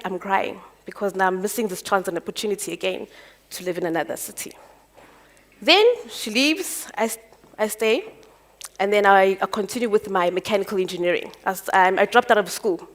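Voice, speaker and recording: A South African woman telling her life story on stage, animated and acting out the dialogue. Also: mid-range voice. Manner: animated, acts out dialogue with quick voice jumps. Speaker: entrepreneur speaker. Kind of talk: personal storytelling talk.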